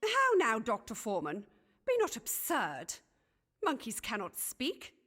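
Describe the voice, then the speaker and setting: A woman's voice: a little high, huge pitch swings, measured pace, bright, forceful tone, exaggerated voice. An actress voicing a fussy, self-important Elizabethan noblewoman who chatters in archaic phrasing, in a video game. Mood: indignant. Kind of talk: game voice acting.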